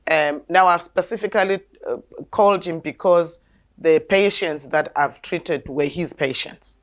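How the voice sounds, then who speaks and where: A woman's voice: fairly low pitch, a little slow. A woman, an alternative health practitioner telling a story in a talk show. She speaks emphatically and insistently, often repeating words as she goes. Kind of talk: conversational storytelling.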